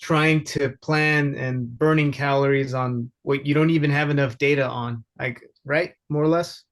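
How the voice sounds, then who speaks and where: A man's voice: mid-range voice, fairly even intonation, moderate pace. Casual man thinking aloud. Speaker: workshop participant. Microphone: video call.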